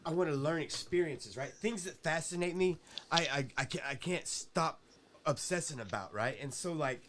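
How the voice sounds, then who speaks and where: A man with a somewhat high voice tells a long story to a podcast host. He rambles and swears freely, keeps checking in with "right?", and talks in a loose, casual way. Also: normal speed, a bit bright, slight background noise. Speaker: podcast guest.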